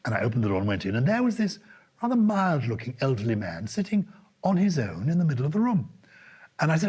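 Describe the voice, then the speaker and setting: Husky older English man telling stories. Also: a little high, fast. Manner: animated anecdote-telling with put-on voices. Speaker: podcast co-host. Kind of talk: casual chat, storytelling.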